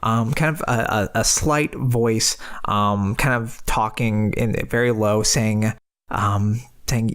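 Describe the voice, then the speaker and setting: A man's voice: on the low side, fairly even intonation, takes it slowly, fairly bright tone, clear, resonant tone. A man running a tabletop game as game master, narrating scenes with frequent ums and restarts. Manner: hesitant, lots of ums and restarts.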